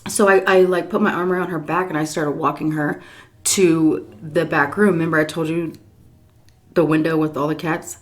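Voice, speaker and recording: A woman telling a long story casually while eating on camera, animated, often jumping into high voices for quotes and dropping to soft whispers between bites. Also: normal speed. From Texas. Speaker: mukbang storyteller.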